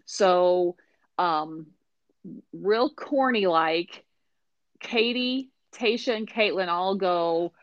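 A woman's voice: lowish voice, extremely slow, dry recording. A middle-aged woman hosting a podcast, recapping an episode in a chatty, wry way with exasperated asides. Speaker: podcast host. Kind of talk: casual recap chat. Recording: dry, dull lo-fi sound.

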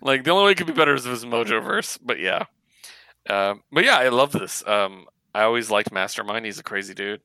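A man co-hosting a podcast, chatting casually about comics in an animated way. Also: medium pitch, quick pace, smooth, dry recording. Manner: animated, laughs often, acts out character lines. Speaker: podcast co-host. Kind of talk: casual comic book review chat.

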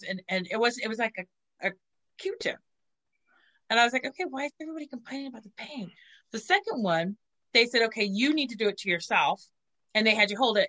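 A woman in casual chat, telling crude, animated stories and acting out what people said. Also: on the high side. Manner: crude, animated storytelling with voiced quotes.

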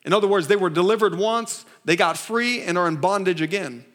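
During a church service, a male pastor with a high-pitched, fairly bright voice delivers his sermon a little fast. He's emphatic, repeating phrases, restarting, and drawing call-and-response from the congregation.

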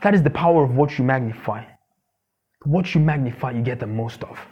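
A man preaching a sermon, emphatic and repetitive, asking his listeners questions and now and then mocking gossip in a squeaky voice. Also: fast, husky, lo-fi sound. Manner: emphatic, repeats key phrases, asks the congregation questions. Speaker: pastor.

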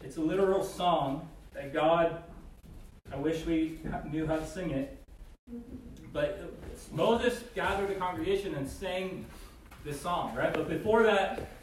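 A man with a high voice gives a casual Bible teaching, full of "like" and "right?" asides. He sounds distant from the mic in a very reverberant room, with faint noise underneath. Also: measured pace. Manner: conversational, many "like" and "right?" asides; acts out voices in quotes.

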